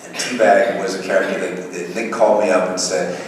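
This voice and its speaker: A middle-aged man, a guest actor, answering fan questions with lively anecdotes and frequent chuckles. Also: deep voice, a little fast. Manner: lively anecdotal, chuckles often, acts out voices. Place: large convention hall. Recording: echoey hall taped from far off, faint noise.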